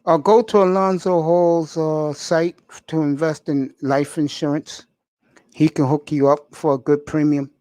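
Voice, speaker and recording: A man's voice: fairly high pitch, little pitch movement, unhurried, dark tone, dry recording. A man hosting a casual sports talk show, giving emphatic, opinionated picks and speaking straight to the fans.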